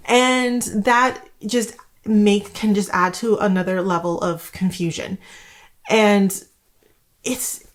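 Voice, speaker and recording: A woman's voice: medium pitch, steady tone, slow. A woman from Canada, in her thirties, talking casually to camera about homeschooling, rambling with many fillers. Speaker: homeschooling vlogger.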